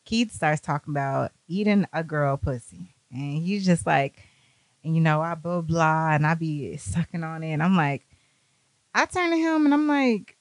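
Animated woman telling a wild story. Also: deep voice, normal speed, no echo. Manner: animated, profane, acts out other people's lines. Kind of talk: casual storytelling.

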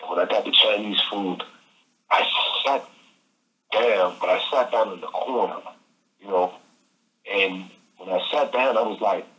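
A man telling a story as an interview guest over the phone, animated and repeating phrases. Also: on the low side, measured pace, long pauses. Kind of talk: casual storytelling. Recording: phone line.

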